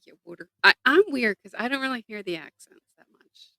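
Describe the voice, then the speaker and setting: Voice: mid-range voice, expressive, a little fast, sharp tone, no echo, low-quality recording. A person from the Philadelphia area co-hosting a casual podcast, who laughs often and chimes in with short remarks. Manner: laughs often, brief interjections. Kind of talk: casual chat.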